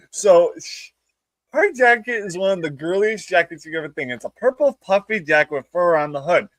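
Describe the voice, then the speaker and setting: A man guest telling funny personal stories in casual chat, laughing often and jumping into squeaky voices for quotes. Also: expressive, normal speed, a bit bright, dry recording. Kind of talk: casual storytelling.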